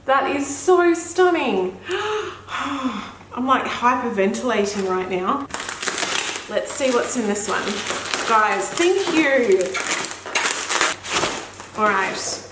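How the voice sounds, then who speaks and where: Brief: young mum vlogger, slightly high voice, effusive and gasping, roomy echo with faint background hum. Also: female voice, fairly bright tone. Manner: gushing, gasps often, effusive exclamations. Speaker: beauty vlogger and mother. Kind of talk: excited unboxing chat. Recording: echoey room with faint ambience.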